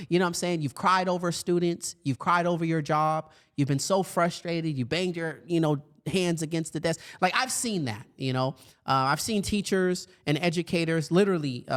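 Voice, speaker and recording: A man with a fairly high voice talks to educators in an easygoing, animated way. He leans on fillers and quick asides, and often puts on other voices when he quotes people. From grew up in foster care. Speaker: podcast host and speaker for educators. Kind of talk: motivational talk.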